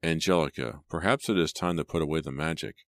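A man's voice: a bass voice, quick pace, no echo. A man playing a stern, formal wealthy father.

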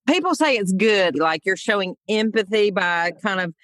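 A woman with a Southern American accent hosting a podcast interview, chatty and effusive with quick asides. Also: mid-range voice, animated, a bit bright, no room sound, studio quality. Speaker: podcast host.

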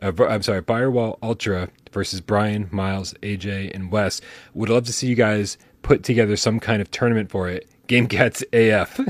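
A man's voice: lowish voice, fairly even intonation, normal speed, no room sound. A man hosting a casual chat, talking animatedly with frequent restarts and casual swearing. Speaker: host.

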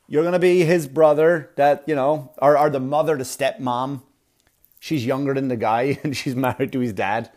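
A man working through a stand-up routine in a loose, rambling way, stacking up filler words as he goes. His voice sits at an ordinary middle pitch and keeps drifting into quick asides. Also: darkish tone. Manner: rambling, filler-heavy delivery with sudden breathy put-on voices. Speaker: stand-up comedian.

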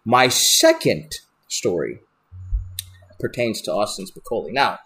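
A young man, a wrestler on a podcast, telling a road story in a profane, animated, rambling way with lots of restarts. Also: lowish voice, unhurried, faint music behind. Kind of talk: casual storytelling.

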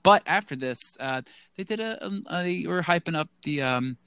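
A podcast co-host rambles through casual chat, his speech full of "like" and restarts, and he acts out quotes in a goofy voice. His voice is a little high, with lively intonation and a normal speed. The tone is pushed, bright, clear and resonant, with no room sound.

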